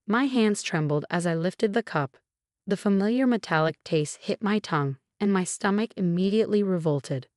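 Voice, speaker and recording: A woman telling a first-person story in measured, scripted narration. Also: on the low side, lively intonation, darkish tone, no echo, clean studio sound.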